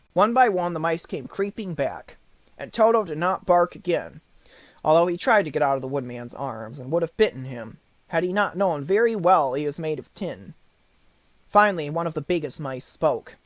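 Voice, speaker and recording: A man reading an audiobook aloud with lively, animated storytelling. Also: a little high, normal speed, no room sound. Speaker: audiobook narrator.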